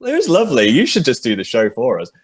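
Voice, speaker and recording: A young podcast host with a mid-range, slightly rough voice chats casually at a quick pace. He tastes sweets, chewing as he talks, and stays animated and laughing throughout.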